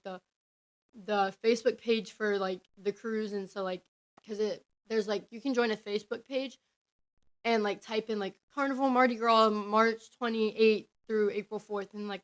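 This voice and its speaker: A young woman, telling a story on her podcast in a rambling, chatty way full of "like"s. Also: mid-range voice. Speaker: podcast host. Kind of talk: casual storytelling.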